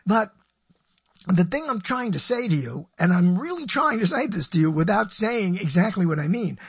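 A man's voice: high voice, sing-song, brisk, breathy edge, no room sound. An older man, a radio personality, rambling through a digressive monologue and interrupting himself with wry asides.

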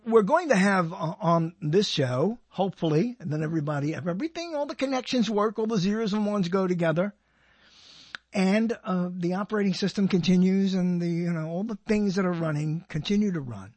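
With a high, darkish voice and a fairly quick pace, an older man runs his own radio show as a rambling solo monologue, recorded with no echo. He jokes to himself and keeps interrupting himself, frequently stopping mid-sentence.

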